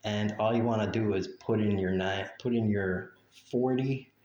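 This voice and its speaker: A man's voice: fairly low pitch, normal speed, darkish tone, roomy sound, muffled recording. A man ranting bluntly in a vlog monologue, profane and sarcastic. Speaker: vlogger.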